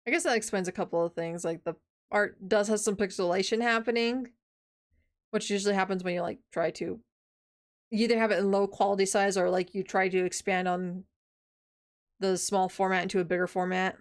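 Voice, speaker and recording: A woman's voice: medium pitch, steady tone, a little fast. A young adult woman streamer chatting casually and reading game text aloud, chatty and self-mocking with loose slang.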